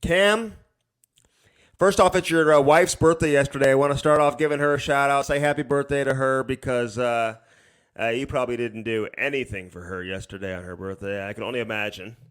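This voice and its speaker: A man's voice: medium pitch, fairly even intonation, a little fast, fairly bright tone, clear, resonant tone. A man hosting a podcast, opening the show and teasing his co-host in casual chat. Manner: teasing, chatty.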